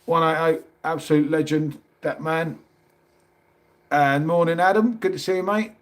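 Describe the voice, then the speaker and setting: Middle-aged London man, livestream host, chatty and matey, slightly higher voice. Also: steady tone, moderate pace. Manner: chatty, matey, calls everyone mate. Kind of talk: casual live chat reading comments.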